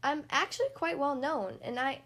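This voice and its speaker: A woman's voice: high-pitched, lively intonation, normal speed, fairly bright tone. A woman reading aloud, voicing a tiny shy female mermaid who talks primly and stammers.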